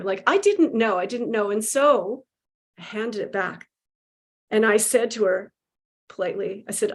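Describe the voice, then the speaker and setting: A woman guest telling a spiritual story with animated emotion, acting out quotes and laughing. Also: medium pitch, moderate pace.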